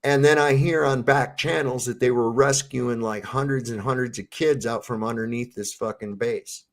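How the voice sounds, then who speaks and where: A man's voice: mid-range voice, fairly even intonation, normal speed. A man telling a long, rambling story in a casual panel chat, swearing freely.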